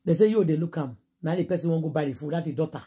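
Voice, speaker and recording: A woman with a Nigerian Pidgin accent, excitably retelling celebrity gossip with quick asides and exclamations. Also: low voice, slightly rough. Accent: Nigerian Pidgin English. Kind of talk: dramatic gossip storytelling.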